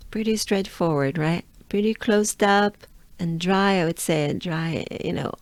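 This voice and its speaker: A French woman with a French accent teaching pronunciation, drawing out syllables slowly and encouraging listeners to repeat after her. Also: on the low side, fairly even intonation, dry recording. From France. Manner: slow, drawn-out syllables repeated for practice. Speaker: pronunciation coach. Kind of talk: pronunciation lesson.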